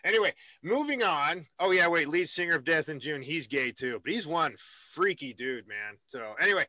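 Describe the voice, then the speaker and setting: A man's voice: on the high side, animated, moderate pace, bright, forceful tone, dry recording. A man hosting a casual interview, rambling and joking with many restarts. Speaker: radio host.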